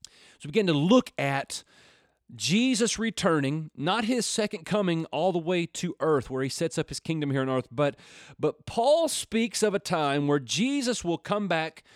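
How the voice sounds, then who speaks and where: A man's voice: a little high, expressive, a little slow, no echo, clean studio sound. Earnest folksy male radio preacher. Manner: earnest, folksy, builds to fervent exclamations. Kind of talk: radio Bible teaching with prayer.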